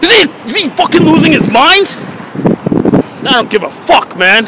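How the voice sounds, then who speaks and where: A man livestreaming, thanking viewers and ranting in a profane, agitated way, often breaking into shouts. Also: extremely high pitch, big pitch swings, moderate pace, very noisy. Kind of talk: livestream rant.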